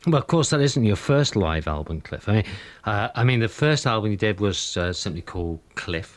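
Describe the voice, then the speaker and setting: Low-voiced male radio presenter, steady interviewer who puts in short encouraging replies. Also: normal speed. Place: radio studio.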